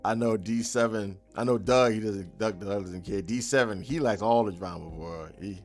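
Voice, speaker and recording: A man's voice: on the low side, moderate pace, a little mellow, soft background music. A man chatting casually on a live dev stream, reading and answering chat in a loose, joking way and laughing often. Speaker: game developer streamer.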